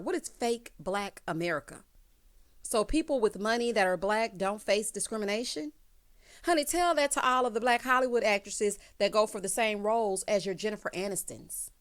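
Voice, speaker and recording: A woman hosting a casual recap of a reality show, sassy and animated, often calling viewers honey. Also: mid-range voice.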